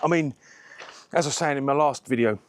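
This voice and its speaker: A man chatting to camera while washing a car, relaxed and a little out of breath. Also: medium pitch, a little hiss or hum. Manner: chatty, slow and unhurried, self-deprecating. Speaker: car detailing vlogger.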